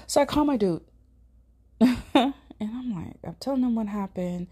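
A woman's voice: lowish voice, lively intonation, fairly quick, vocal fry, dark tone, slightly rough. A woman with a St. hosting a podcast, telling a personal story in a chatty, casual way, swearing now and then and sometimes dropping to a whisper. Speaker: podcast host.

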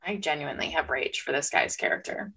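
A woman's voice: deep voice, brisk, creaky, bright, forceful tone, slightly rough. A young woman co-hosting a casual book podcast, speaking emphatically with strong opinions and casual swearing. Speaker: podcast co-host. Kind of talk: casual chat.

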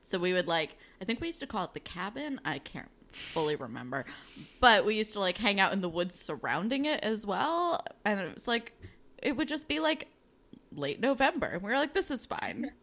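Chatty young woman with a bright voice. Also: mid-range voice, big pitch swings, moderate pace. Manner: chatty, lots of fillers and laughter, quoting characters. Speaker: podcast co-host. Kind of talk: casual chat recapping a TV show.

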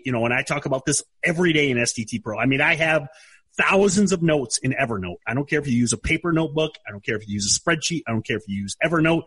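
Husky middle-aged podcast host. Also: male voice, mid-range voice, sharp tone. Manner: rambling, repeats words while thinking. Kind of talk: casual chat.

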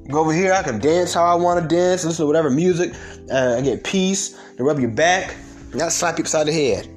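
A man telling stories and ranting in a blunt, profane, fast-talking way. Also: a little high, faint music behind. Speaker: storyteller. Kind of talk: comedic storytelling rant.

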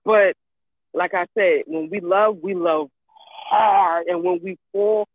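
A woman's voice: fairly low pitch, takes it slowly, dry recording. Emphatic woman on a tinny line. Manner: emphatic and repetitive, swears freely. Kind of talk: casual chat.

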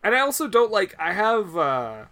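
A man's voice: high-pitched, sing-song, normal speed, sharp tone. A Canadian man co-hosting a casual podcast chat, laughing often, swearing and restarting his sentences. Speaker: podcast co-host.

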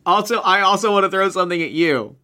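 A podcast co-host eagerly pitches ideas in a casual improvised chat. The voice is bright and forceful, and the pitch sits in the middle range. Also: expressive, fast.

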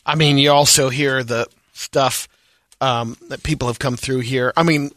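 A man's voice: medium pitch, steady tone, unhurried, fairly bright tone, no room sound, clean studio sound. A man chatting casually as a podcast co-host, laid-back and chiming in briefly. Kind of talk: casual chat.

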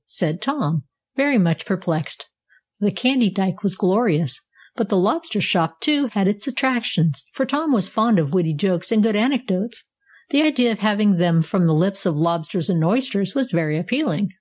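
Woman reading a storybook aloud. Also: medium pitch. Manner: measured, expressive reading. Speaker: narrator.

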